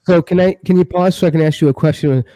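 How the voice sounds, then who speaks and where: A man moderating an online debate, measured and hesitant, asking careful questions. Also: a little high, fairly even intonation, mellow, dry recording.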